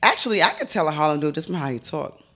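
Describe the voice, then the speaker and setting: A slightly tipsy man in loose podcast banter, reminiscing with easy laughs. His tone is bright and sharp, pitched a little high for a man. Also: animated, racing. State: tipsy from vodka. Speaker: podcast co-host. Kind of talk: casual chat.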